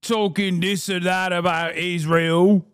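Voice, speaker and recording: A man voicing an angry middle-aged British man who shouts and swears as he rants. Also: sits high, flat delivery, slow pace, clean tone, no echo, clean studio sound. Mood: ranting. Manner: shouting, swearing, repeating a name.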